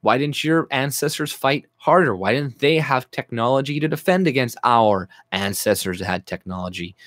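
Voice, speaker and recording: A Canadian man vents in an angry reaction rant, swearing freely and mocking what he reads. His voice sits at an ordinary middle pitch. It is recorded close and dry, with no room sound. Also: lively intonation, normal speed, fairly bright tone, no echo. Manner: profane, sarcastic, mocking. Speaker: YouTuber.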